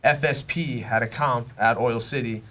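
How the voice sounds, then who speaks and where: A young man tells a long story at a relaxed, casual pitch, loose and slangy. He swears freely and slips into the voices of friends he quotes. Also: moderate pace. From Long Island, New York. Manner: rambling, slangy, profane, acts out quoted friends. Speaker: podcast guest.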